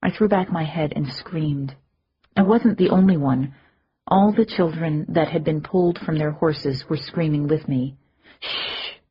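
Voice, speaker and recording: A woman narrating a fantasy audiobook in a measured, dramatic first-person reading. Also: low voice, lo-fi sound, a little hiss or hum.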